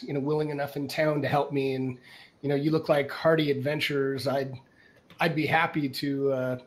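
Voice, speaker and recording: A man voicing a friendly, hesitant woman boat captain in a tabletop game, talking haltingly with many restarts. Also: a little high, natural voice.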